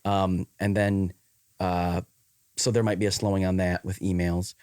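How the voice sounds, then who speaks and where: A man's voice: deep voice, flat delivery, unhurried, darkish tone, smooth, no echo, clean studio sound. A man with a Wisconsin accent in casual podcast chat, rambling with many fillers and restarts. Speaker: podcast co-host.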